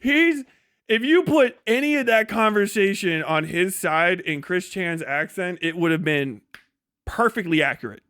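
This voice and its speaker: Young male streamer, high-pitched and dry, derisive, laughs a lot. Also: animated, unhurried, a bit bright, clean tone, dry recording. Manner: mocking, laughing often, profane. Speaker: livestream host. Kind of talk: casual livestream rant.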